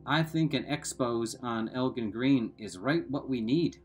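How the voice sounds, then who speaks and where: A man's voice: mid-range voice, measured pace, faint music behind, close to an everyday voice. A man reading as a crude, taunting teenage bully. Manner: coarse backwoods slang, mocking.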